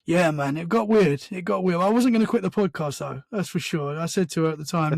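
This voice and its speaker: High gravelly man telling a story. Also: brisk, dry recording. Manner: animated storyteller, acts out sounds and quotes; many restarts and "man" fillers. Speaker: podcast guest. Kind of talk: casual storytelling conversation.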